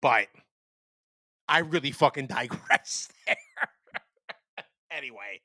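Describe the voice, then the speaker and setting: A man's voice: mid-range voice, slow, no room sound. A man co-hosting a podcast, telling rambling stories with lots of swearing. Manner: animated, profane storyteller. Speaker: podcast co-host. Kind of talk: casual chat.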